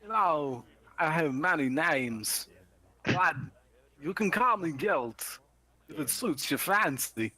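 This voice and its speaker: A man voicing a male cat-folk adventurer, speaking in an odd accent with a slow, drawn-out, grand delivery. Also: a little high, expressive, pushed and bright, full character voice. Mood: aloof. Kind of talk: tabletop role-play voice.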